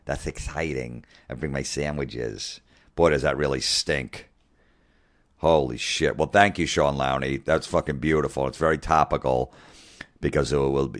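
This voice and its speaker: A man's voice: a bass voice, a bit bright. A man hosting a podcast, talking casually in a profane, ranting, sarcastic way. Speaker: podcast host.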